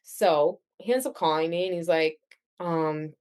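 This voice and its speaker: A woman in her thirties with a low voice speaks at a moderate pace. Appearing as a podcast guest, she tells her own story in a chatty, animated way, with lots of filler words.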